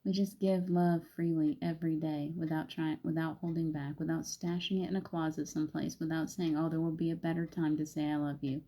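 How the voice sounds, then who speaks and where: A woman's voice: deep voice, level tone, fairly quick, few pauses, warm tone. A woman hosting a chatty spiritual live stream and guiding a meditation, laughing often. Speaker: spiritual host.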